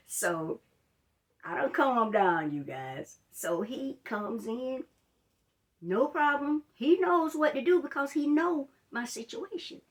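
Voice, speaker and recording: A woman's voice: high-pitched, expressive, slow. A woman telling a personal story in a storytime vlog, chatting straight to her viewers and retelling it with drama. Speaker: life coach.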